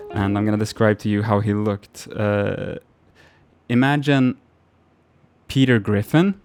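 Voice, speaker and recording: A man's voice: fairly low pitch, gravelly. A man telling a casual story-time anecdote to camera, rambling with frequent restarts and casual swearing. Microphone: camera mic.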